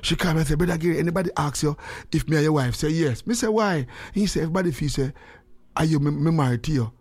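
Older Jamaican male radio host, sixties, rambling and jokey, slightly high voice, dry studio sound. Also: quick pace, husky, no room sound. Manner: rambling, jokey, repeats phrases. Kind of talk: casual radio chat.

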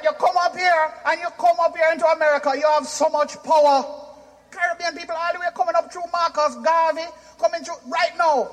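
A Jamaican man from Jamaica performing stand-up comedy, animated and shouting his punchlines in patois. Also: very high-pitched.

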